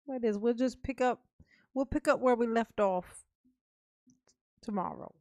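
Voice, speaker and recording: Playful high woman streaming. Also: a little mellow, dry recording, highs cut off. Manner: playful, laughing, affectionate, sing-song; calls herself Mama, drawn-out words. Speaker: livestream host. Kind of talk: casual livestream chat with viewers.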